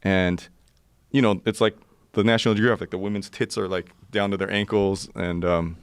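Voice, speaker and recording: A man in his forties telling a story in casual chat, animated and laughing often as he acts out the people in it. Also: on the low side, normal speed, smooth, no room sound. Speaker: podcast guest.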